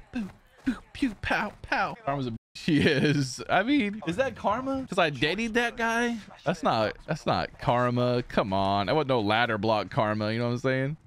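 A man commentating his own shooter match, with a high voice that leaps all over the place. He trash-talks and laughs at the other players, with a faint hiss of noise behind him. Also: a bit bright. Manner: trash-talking, laughing, exclamatory. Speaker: gaming streamer. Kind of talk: excited gameplay commentary.

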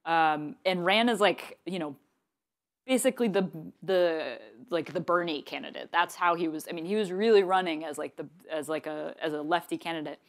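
Low-voiced chatty woman panelist. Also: moderate pace. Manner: chatty, full of "like" and restarts. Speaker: panelist journalist. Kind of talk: panel discussion.

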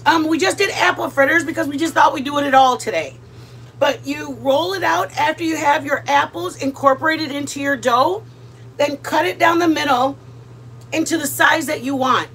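A woman's voice: sits high, moderate pace, fairly bright tone, slight background noise. A middle-aged woman chatting casually and rambling as she cooks on a livestream, greeting viewers by name. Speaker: livestream cooking host. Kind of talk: casual live cooking chat.

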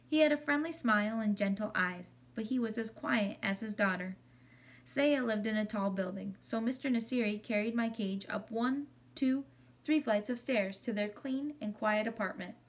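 A woman reading a children's chapter book aloud in a gentle, expressive way. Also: on the high side, moderate pace, far from the mic. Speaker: audiobook reader.

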